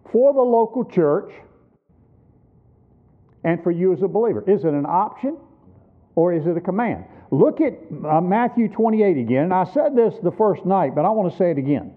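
A man in his sixties preaching a sermon at a missions conference, emphatic and teaching with rhetorical questions. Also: high-pitched. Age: 60s. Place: church. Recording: tinny phone-like sound.

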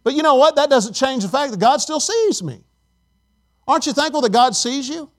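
A man's voice: very high voice, lively intonation, normal speed. A middle-aged male pastor preaching a sermon emphatically, calling on the congregation for responses.

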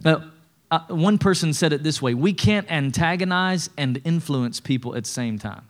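A middle-aged man with a drawl preaching from a church stage. His voice sits a little high, and he keeps it conversational, mixing humor with calls for the congregation to answer back. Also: expressive, normal speed. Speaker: pastor. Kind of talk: sermon.

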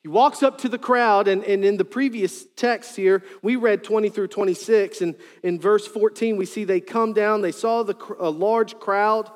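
A male pastor preaching a sermon, animated, with joking asides and sudden loud quoted lines. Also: high-pitched, moderate pace, few pauses, big-room sound.

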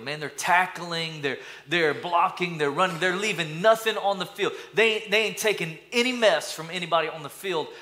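Bright-voiced preacher, lively and playful. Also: male voice. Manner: energetic, playful, calls for responses from the congregation; acts out mock voices with sudden high-pitched bursts. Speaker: pastor. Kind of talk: sermon.

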